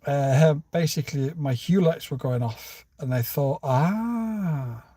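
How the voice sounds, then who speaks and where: A man hosting a live stream, chatting casually, reading viewer comments and telling wry stories that burst into animated outbursts. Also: mid-range voice, moderate pace, husky, no room sound, clean studio sound, recorded from a distance. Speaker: livestream host. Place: home studio.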